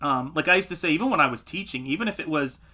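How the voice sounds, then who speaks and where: Bright-voiced man, chatty storyteller. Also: a little high, racing. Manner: animated storytelling, acts out quotes. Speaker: comic artist streamer. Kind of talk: casual livestream chat.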